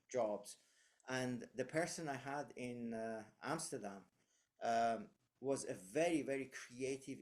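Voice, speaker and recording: A man's voice: mid-range voice, darkish tone. A man giving leadership advice in casual conversation, reflective and anecdotal, with frequent fillers and restarts.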